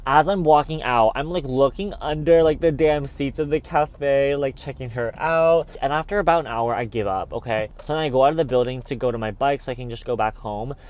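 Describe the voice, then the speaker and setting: A man's voice: mid-range voice, brisk, few pauses, darkish tone. A young man vlogging, telling a dramatic story in a chatty way and calling the listener "babes" often. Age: young adult. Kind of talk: casual storytelling vlog.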